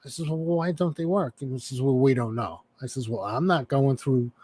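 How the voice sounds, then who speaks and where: Profane, animated male storyteller. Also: mid-range voice, fairly quick, breathy edge. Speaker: chat participant. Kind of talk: casual storytelling.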